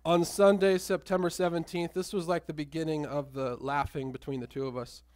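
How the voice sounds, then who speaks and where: Joking pastor with a raised voice. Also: male voice, a little high, flat delivery, brisk, a little mellow, no echo. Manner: joking, teasing, laughing easily. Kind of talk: casual church remarks. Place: church sanctuary.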